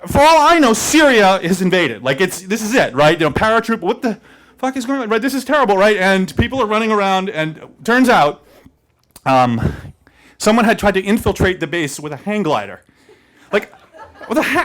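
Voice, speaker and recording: A man telling a comic personal story on stage, his pitch leaping up and down as he gets into it. His voice sits a touch high, and he laughs his way through the telling with a loose, filler-heavy delivery. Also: a bit bright. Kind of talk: live personal storytelling to an audience.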